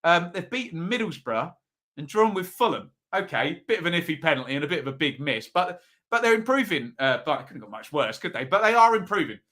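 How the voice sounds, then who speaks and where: Male host, bright-toned, casual live-chat delivery, reads comments aloud. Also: fairly high pitch, very animated. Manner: chatty, reads out viewer comments, quick asides. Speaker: football predictions show host. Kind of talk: live-stream chat with viewers.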